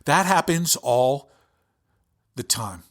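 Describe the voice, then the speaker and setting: A man's voice: mid-range voice, expressive, slow pace, a bit bright. A male podcast host giving an impassioned, profane political rant with heavy emphasis.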